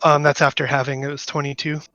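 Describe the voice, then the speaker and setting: A man's voice: on the high side, little pitch movement, fast talker, bright, forceful tone, no echo, lo-fi sound, faint music behind. A man playing in a tabletop game, talking hesitantly with many "um" fillers. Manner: hesitant, frequent "um". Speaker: player. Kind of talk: tabletop game play, casual chat.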